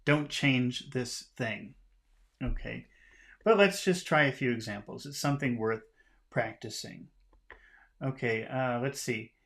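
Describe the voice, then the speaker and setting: A man giving a casual English lesson, explaining phrases in a relaxed way and often chuckling. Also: mid-range voice, unhurried, vocal fry, long pauses. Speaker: English teacher.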